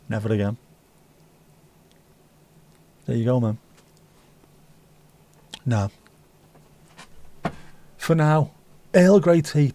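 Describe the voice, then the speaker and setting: A man's voice: medium pitch, dark tone. A middle-aged man, hosting a livestream and rambling casually while reading out viewer comments. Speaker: livestream host. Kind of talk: casual chat.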